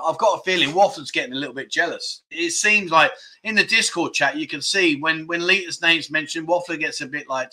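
A man's voice: fairly high pitch, bright, forceful tone. A middle-aged man hosting a casual livestream, chatting loosely, laughing often and reading out viewer comments. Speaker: livestream host.

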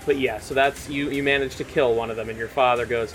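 A man's voice: mid-range voice, steady tone, fast talker, hardly any pauses, fairly bright tone, faint music behind. A man narrating a tabletop game as game master, casual and laughing, swearing freely.

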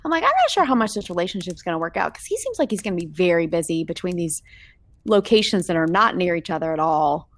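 A woman's voice: fairly low pitch, fast. A woman co-hosting a podcast, chatting casually about a movie and acting out quotes. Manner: animated, acts out quotes, chatty. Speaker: podcast co-host.

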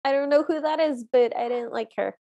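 A woman with a high voice co-hosting a podcast. She talks casually and frankly and says plainly what she does not like. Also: fairly quick, dark tone, dull audio. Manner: frank and opinionated, states her dislikes plainly. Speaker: podcast co-host. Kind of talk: casual chat.

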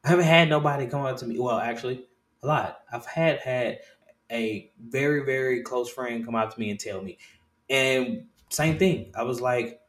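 A man in his thirties hosting a casual talk show. He swears freely, restarts and repeats phrases, and swings between low murmurs and loud excited bursts. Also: moderate pace, roomy sound. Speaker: podcast host.

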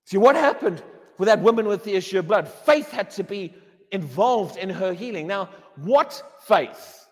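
A pastor from England preaches a sermon in a church hall, and the recording has a long hall reverb. His slightly mellow voice is expressive and moderately paced. He's emphatic and repeats his words, and he mocks a wailing believer in a high voice.

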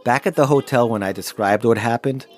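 A man's voice: medium pitch, fairly quick, darkish tone, faint music behind. Wry man narrating his memoir. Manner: wry, self-deprecating storytelling. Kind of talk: first-person audiobook narration.

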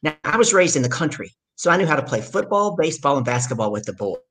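Business coach guest, a middle-aged Southern woman, slightly husky, tells stories with emphasis. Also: deep voice, quick pace. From Southern United States. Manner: animated, emphatic storyteller. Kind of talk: storytelling interview.

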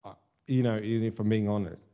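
A man's voice: lowish voice, steady tone, fast talker, warm tone, clean tone, muffled recording. A young adult man co-hosting a podcast, speaking candidly and thinking aloud, with lots of "like" and some mild swearing. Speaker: podcast co-host, musician. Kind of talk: casual chat.

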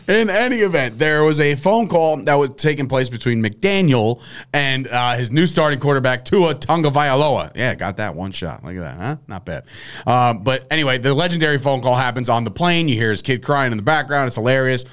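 A man's voice: mid-range voice, animated, fairly quick, fairly bright tone, smooth. A man hosting a sports talk show, joking and rambling in casual chat, laughing often.

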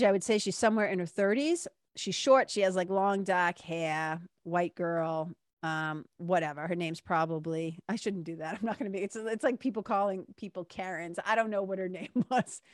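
A woman's voice: medium pitch, dry recording, clean studio sound. Chatty storytelling woman. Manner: chatty, candid, swears, acts out other people's lines. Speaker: vlogger. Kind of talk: casual storytelling monologue.

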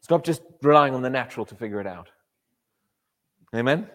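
A man preaching a sermon in an animated way, often repeating his words and acting out quotes. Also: medium pitch, brisk. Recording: echoey hall reverb.

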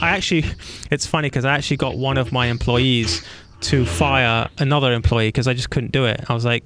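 A man hosting an interview in a casual, animated way, telling stories and acting out the voices of the people in them. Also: mid-range voice, quick pace. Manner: animated storytelling, acts out quoted voices. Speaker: podcast host.

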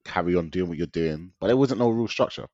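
A man's voice: low-pitched, expressive, quick pace, darkish tone, no echo. A young man, telling his story in a casual interview, slangy and often laughing. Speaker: guest. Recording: dull lo-fi dry sound.

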